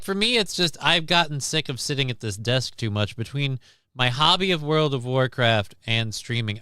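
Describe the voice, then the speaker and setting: A man's voice: on the low side, bright, forceful tone, clear, resonant tone, no echo, studio quality. A man hosting a casual livestream chat, rambling and often repeating and restarting his words. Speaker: streamer host.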